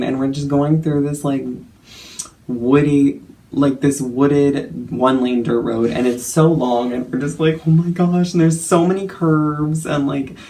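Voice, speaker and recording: Young guy rambling through a story for his vlog, lots of likes, kinda gravelly fry. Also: a little high, warm tone. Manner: chatty, filler-heavy, self-mocking, laughing. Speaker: vlogger.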